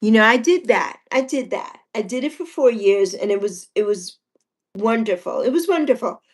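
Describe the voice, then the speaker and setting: A woman's voice: fairly high pitch, animated, normal speed. A woman in her sixties hosting a casual livestream chat, chatty and repetitive, reading out viewer comments and laughing often. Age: 60s. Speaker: livestream host.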